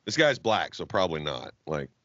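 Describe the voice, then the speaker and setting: A man chats on a comedy podcast, his pitch bouncing all over as he spins profane, rambling stories and acts out everyone in them. His voice is bright and sharp. The recording is dry and a bit dull. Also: moderate pace, no room sound. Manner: profane, rambling storyteller with animated quoted voices. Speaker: podcast co-host. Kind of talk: casual comedy podcast chat. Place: Jacksonville, Florida.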